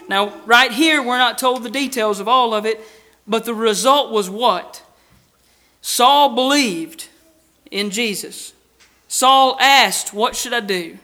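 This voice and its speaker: High, bright-voiced man preaching a sermon. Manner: earnest, emphatic, rhetorical questions, swings from loud to hushed. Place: church building with a baptistry.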